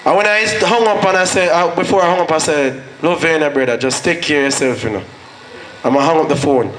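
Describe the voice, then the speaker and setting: A man's voice: a little high, fairly bright tone. A man with a Jamaican accent gives a motivational speech at a school graduation. He tells his story earnestly and slips into patois when he quotes himself. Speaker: guest speaker at a graduation. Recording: echoey hall with faint noise.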